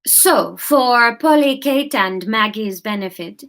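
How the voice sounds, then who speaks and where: A woman voicing a warm, welcoming woman who leads a book club. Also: fairly high pitch, lively intonation, slow pace, pitched above the performer's own voice, exaggerated voice.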